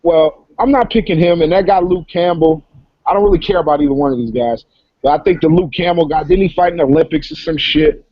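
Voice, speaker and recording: A man, a guest in a casual online hangout, talking haltingly and repeating words as he goes. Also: a little high. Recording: dull lo-fi call audio.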